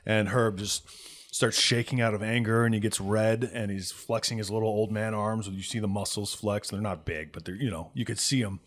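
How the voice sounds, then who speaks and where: A man's voice: fairly low pitch, steady tone, normal speed. Man narrating as game master. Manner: casual, chatty, lots of fillers.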